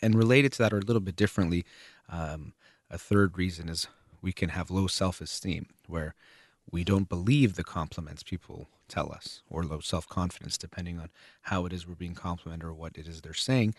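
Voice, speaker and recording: A man with a very low voice talks through ideas calmly and methodically, pausing now and then on a filler. The sound is close and dry, with no room around it. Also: no room sound. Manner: calm, measured, explaining step by step with occasional fillers. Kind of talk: explanatory talk on relationships.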